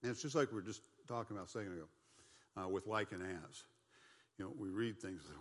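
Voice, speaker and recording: A middle-aged man with a lowish voice leads a Bible study in a relaxed, folksy way. He talks conversationally, tossing in asides and playful mock voices. His voice carries a long hall reverb. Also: quick pace.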